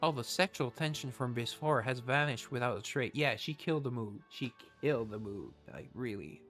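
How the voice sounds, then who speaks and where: A man's voice: medium pitch, lively intonation, moderate pace, a bit bright, soft background music. A man reading out a game story and adding dry, sarcastic comments as he goes.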